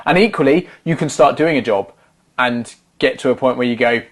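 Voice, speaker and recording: A man co-hosting a casual podcast in a measured way, adding dry remarks. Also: mid-range voice. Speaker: podcast co-host, actor. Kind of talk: casual chat.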